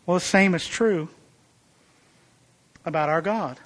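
High-voiced man preaching a sermon. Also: slow pace, a bit bright. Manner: earnest, emphatic, rises in pitch and volume for illustrations.

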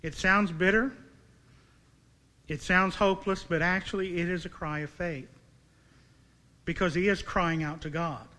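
A man delivers a sermon in a high, bright voice. He preaches earnestly and keeps turning to his listeners with direct, searching questions. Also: fairly even intonation, a little slow, pauses often.

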